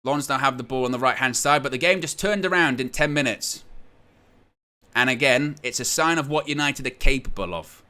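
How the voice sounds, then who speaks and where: A man hosting a live football watchalong, calling the play, surging loud at goals and then breaking it down calmly, reading viewers' chat aloud. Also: mid-range voice, normal speed. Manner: excitable, surges loud at goals, then calm analysis. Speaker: watchalong host. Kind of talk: live match watchalong commentary.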